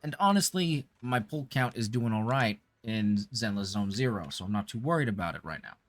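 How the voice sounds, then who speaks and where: Brisk and animated, this man's fairly bright but lowish voice carries a casual gaming livestream where he chats with viewers and thanks them. He's doing a celebrity impression accent while he plays.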